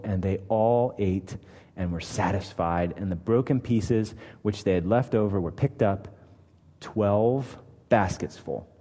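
A man's voice: fairly low pitch, dark tone, long reverb tail. A man preaching a conversational, emphatic sermon, acting out the quoted lines as he reads. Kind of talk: expository sermon.

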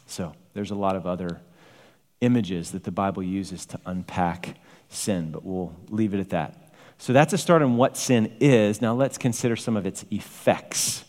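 A man's voice: deep voice, normal speed, darkish tone. A man preaching a sermon with emphatic, varied delivery, rising to exclamations. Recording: long hall reverb.

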